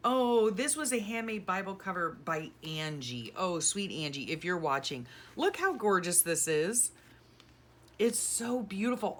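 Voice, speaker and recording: A woman's voice: lowish voice, slight background noise. A middle-aged woman vlogger chatting casually and sentimentally as she sorts her craft keepsakes, gushing and rambling. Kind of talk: casual chat while decluttering.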